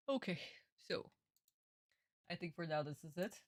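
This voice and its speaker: A woman streaming a casual reaction, excitable and rambling, swearing freely. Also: lowish voice, slow pace, pauses often, no echo, studio quality.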